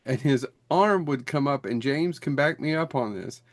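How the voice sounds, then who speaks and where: A man's voice: mid-range voice, lively intonation, normal speed, dry recording. A man in his forties, a podcast co-host, rambling through anecdotes in casual chat with frequent laughter.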